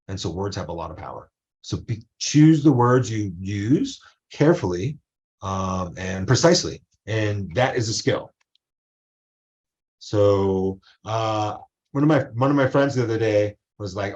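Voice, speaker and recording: A man's voice: fairly low pitch, expressive, normal speed, a little mellow, muffled recording. A male college professor giving a casual online lecture, rambling into asides and acting out quotes.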